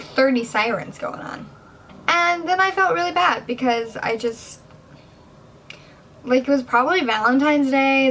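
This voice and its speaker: A woman's voice: on the high side, a bit bright, slight background noise, poor audio. A young woman chatting in a casual home vlog, rambling and self-deprecating, sometimes dropping to a whisper. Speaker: vlogger. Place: indoors at home.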